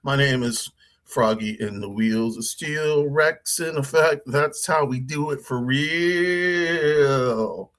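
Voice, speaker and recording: A boastful male hip-hop MC on the turntables, chanting shout-outs in a high, rhythmic voice through a microphone effect, put on by a woman. He is playful and showy, bouncing through his lines. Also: slow pace. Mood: hyped.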